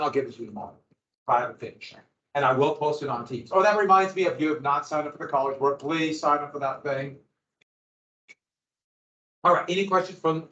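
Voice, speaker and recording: A man whose voice sits on the high side, with a fairly bright tone, is teaching history in a classroom. His lecture to the students is relaxed and conversational, captured in echoey, dull lo-fi audio.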